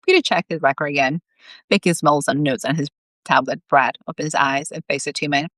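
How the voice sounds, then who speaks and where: A woman author reading her own story aloud on a live video, expressive and emotional, with chatty asides. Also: low voice, brisk, no room sound. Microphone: live video stream.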